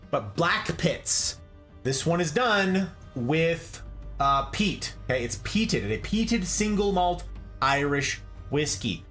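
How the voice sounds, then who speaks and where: A man talks through whiskey basics on a casual stream. His voice sits fairly high and swings up and down with a lot of life, and he keeps checking in with his listeners. Faint music plays underneath. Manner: animated, chatty, repeats "okay?" and "like". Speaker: streamer hosting a whiskey talk. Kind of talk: casual livestream explainer.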